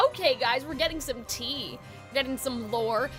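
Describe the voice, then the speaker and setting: A woman streaming a game, chatting excitedly between reading the story aloud. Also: sits high, moderate pace, music in the background. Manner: excitable and chatty, with bursts of enthusiasm. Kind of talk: casual live-stream commentary.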